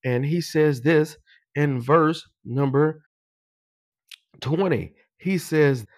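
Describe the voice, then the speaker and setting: A man preaching a sermon. He repeats his phrases and climbs higher and louder as he drives a point home. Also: drawn-out words. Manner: builds in pitch and volume, repeats phrases for emphasis.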